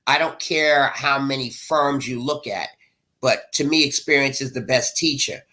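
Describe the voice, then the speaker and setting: A man's voice: medium pitch, moderate pace, sharp tone. A middle-aged man, an author being interviewed, speaking with passion in a preacher-like rhythm. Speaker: author guest. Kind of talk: emotional interview talk.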